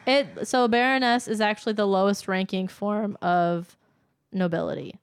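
A woman co-hosting a casual podcast chat, chiming in with quick agreement and laughs. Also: mid-range voice, steady tone, clear, resonant tone, no echo, clean studio sound. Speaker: podcast co-host.

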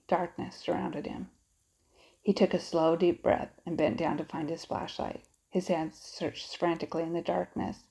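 Woman, narrator, audiobook, steady expressive storytelling, gravelly low voice. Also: poor audio.

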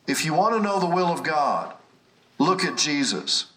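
A man's voice: fairly high pitch, very animated, normal speed, sharp tone, far from the mic, rough recording. A man preaching a healing sermon with fervent emphasis, repeating key phrases for stress. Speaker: preacher teaching a healing class. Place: away from his usual setting, near an airport.

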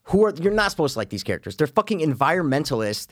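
A man's voice: on the high side, big pitch swings, rapid-fire, fairly bright tone, no room sound, studio quality. A man co-hosting a podcast, chatting casually and arguing animatedly, swearing freely. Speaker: podcast co-host. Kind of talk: casual chat.

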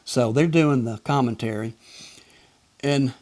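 A man's voice: medium pitch, measured pace, a little mellow. An older man with a Southern Alabama accent, a former tennis umpire telling chuckling, folksy anecdotes in casual conversation. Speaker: retired tennis umpire guest. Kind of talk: casual storytelling.

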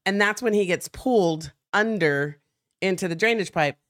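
Female podcast co-host, mid-pitch, casual storyteller who acts out quotes, dry sound. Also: normal speed, a bit bright, dry recording. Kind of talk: casual chat.

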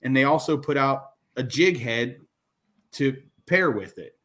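A man's voice: mid-range voice, expressive, a little slow, a bit bright. A man co-hosting a podcast in casual chat, explaining at length and starting sentences with "so". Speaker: podcast co-host.

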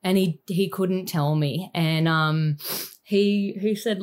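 A woman in her thirties with an Australian accent, telling a painful personal story in a candid, halting and emotional way, full of fillers. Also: on the low side, darkish tone. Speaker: guest sharing a personal story.

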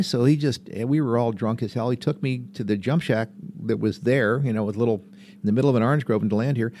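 A man's voice: medium pitch, fast talker, mellow. An older man, a veteran skydiver, telling rambling anecdotes as an interview guest and chuckling as he goes. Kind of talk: casual anecdotal storytelling.

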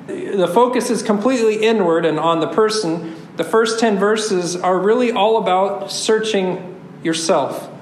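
High-voiced man preaching in an echoey church. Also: slight background noise. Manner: conversational, with frequent restarts and self-corrections. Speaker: pastor. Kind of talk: sermon with scripture reading. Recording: echoey room.

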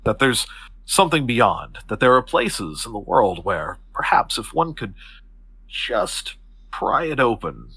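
A man voicing a composed older woman who leads a secret order, speaking in a calm, measured, persuasive way. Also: low-pitched, slightly rough, no room sound, pitched below the performer's own voice, full character voice.

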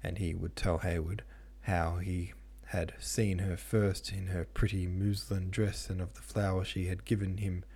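Deep voiced guy reading a classic novel, husky and dark, steady pace. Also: unhurried, hardly any pauses. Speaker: podcast host and audiobook reader. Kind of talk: scripted narration of a classic novel.

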